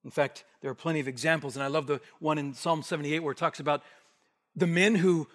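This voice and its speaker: A man preaching an expository sermon, emphatic, rising to forceful bursts and dropping to hushed asides. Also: a little high, steady tone, quick pace. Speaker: pastor. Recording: long hall reverb.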